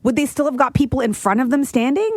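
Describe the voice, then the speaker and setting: A woman co-hosting a call-in show who chats easily and reacts quickly. Her voice sits somewhat high. It is recorded close and dry. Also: a little mellow, dry recording. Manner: conversational, reacts with gasps and quick comments. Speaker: radio show co-host. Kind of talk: casual chat and call-in hosting.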